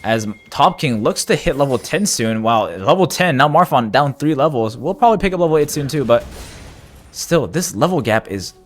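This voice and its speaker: A man doing live play-by-play commentary of an esports match, getting loud and excited during big plays. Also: mid-range voice, moderate pace.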